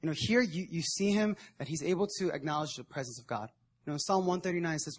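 At a prayer meeting, a young man gives a conversational sermon, retelling a Bible story in everyday slang and voicing its figures in modern slang. He talks fast, and his on-the-high-side voice has a breathy edge.

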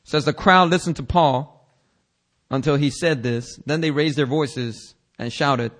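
A male pastor preaching a casual, animated sermon, acting out Bible characters in changing voices and using slang. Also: on the high side, measured pace.

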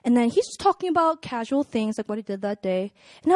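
A woman's voice: fairly high pitch, fast, no room sound. Chatty young woman giving a dry, casual sermon. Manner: chatty and animated, filled with "like" and "you know". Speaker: speaker at a church gathering. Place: room with a live audience.

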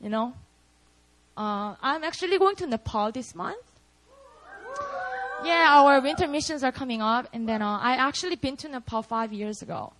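A woman's voice: high voice, expressive, moderate pace, pauses often, a bit bright, slight background noise, rough recording. A young woman preaching a casual, storytelling sermon, chatty and full of "like" and "you know". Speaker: preacher at a prayer meeting.

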